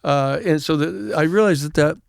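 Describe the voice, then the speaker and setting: A man's voice: a little high, moderate pace, vocal fry, no room sound, clean studio sound. A man in his seventies, a podcast guest, telling a story in a casual way and acting out what other people said. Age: 70s. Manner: animated storyteller who acts out others' dialogue.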